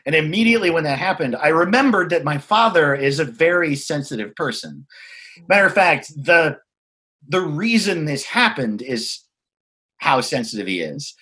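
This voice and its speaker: A man with a voice on the higher side speaks candidly in conversation. He tells a personal story in a frank, reflective way, dropping swear words freely and halting to find his words. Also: big pitch swings, bright, forceful tone.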